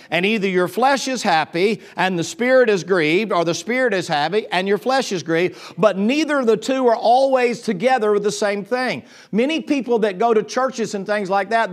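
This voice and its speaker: A man preaching a sermon as pastor, swinging from low confiding tones to loud, excited bursts and restarting his sentences.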